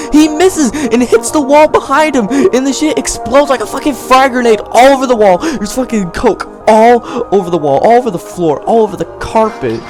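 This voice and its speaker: A young man spins a crude, rambling story with a voice pitched a bit high and swinging widely up and down. He keeps breaking into laughter as he talks, and faint music sits behind him. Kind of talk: animated comedic storytelling.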